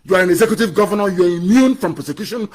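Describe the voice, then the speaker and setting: A high-voiced man with a Nigerian English accent speaks in a fiery, scornful way. He hammers his points home by repeating phrases, like an activist rallying his followers in a political broadcast. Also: very fast.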